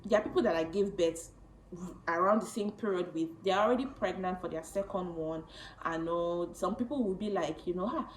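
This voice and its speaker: A woman in her late twenties telling a personal story to camera, chatty and animated, often laughing. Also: lowish voice, a little fast, roomy sound, slight background noise, poor audio. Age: late 20s. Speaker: vlogger.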